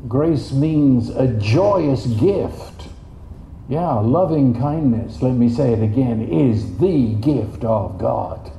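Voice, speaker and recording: A man preaching a sermon in an animated way, jumping up in pitch for quoted voices. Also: slow pace, creaky, few pauses, a little hiss or hum. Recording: dull, echoey room.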